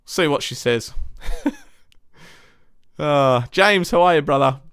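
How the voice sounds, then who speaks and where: A man's voice: a little high, takes it slowly, fairly bright tone, clean tone, dry recording, studio quality. A young man hosting a live stream, reading viewer comments and ranting bluntly with lots of swearing. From Australia. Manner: blunt, swears a lot, frustrated.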